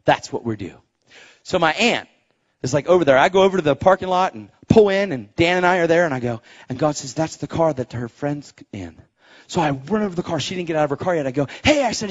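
A man preaching with a lively, swinging pitch that climbs high when he gets excited. He tells his story animatedly, acting out other voices, and pushes into near-shouts to exhort. The recording sounds a bit dull and lo-fi. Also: brisk. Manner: animated, acts out quoted voices. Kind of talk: sermon storytelling.

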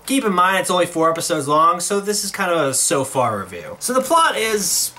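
A man's voice: sits high, sing-song, fairly quick, sharp tone. A young man narrating a scripted comedic video review, sarcastic, with exaggerated outbursts.

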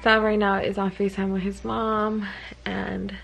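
A woman's voice: medium pitch, level tone, a little slow, creaky, a bit bright, rough recording. A woman vlogging casually as a mother, chatty and often saying "like". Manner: chatty, leans heavily on "like". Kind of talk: casual vlog chat. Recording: background music over voice.

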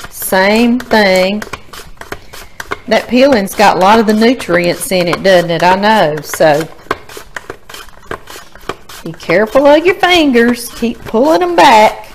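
A woman's voice: mid-range voice, a little hiss or hum. A middle-aged woman with a Louisiana Southern accent, hosting a casual cooking demonstration in a home kitchen and chatting folksily straight to her viewers. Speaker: cooking show host.

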